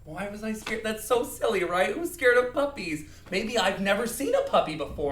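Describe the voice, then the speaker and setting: A man's voice: high voice, lively intonation, moderate pace, a bit bright, distant mic. A man teaching an acting lesson to young children, playfully acting out emotions and counting along. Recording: echoey room, voice a bit off-mic.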